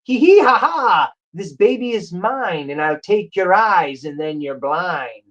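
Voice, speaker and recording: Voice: mid-range voice, animated, measured pace, fairly bright tone, dull audio, voice pushed up. A person voicing a nasty little jester-like imp who talks in a manic, cackling way.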